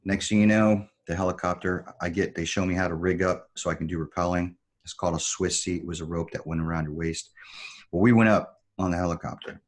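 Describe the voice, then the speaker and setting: Male podcast guest, former Marine, deep voice, measured storyteller. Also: fairly even intonation. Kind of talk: storytelling in conversation.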